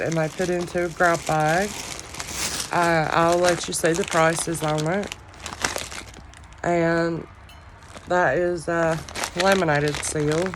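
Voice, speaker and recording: A woman with a deep Southern drawl chatting casually to her viewers about jewelry she is selling, in a loud, carrying, folksy voice. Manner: drawling, folksy, says y'all often. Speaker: online jewelry reseller. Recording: outdoor wind noise.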